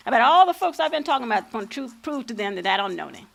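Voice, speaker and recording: A woman's voice: fairly high pitch, very animated, very fast, vocal fry, full character voice. A woman playing a proud, shrewd old freedom fighter. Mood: patient explaining. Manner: folksy vernacular storytelling, playful and defiant. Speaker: lead actor. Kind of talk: stage acting.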